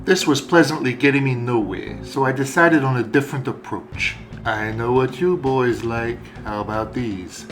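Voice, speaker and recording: A man plays a gruff German Shepherd mob father narrating a cartoon noir with deadpan wisecracks. His voice sits at an ordinary middle pitch and carries a roomy echo. Faint music plays underneath. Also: normal speed, hardly any pauses, natural voice. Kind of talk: hard-boiled comedic narration.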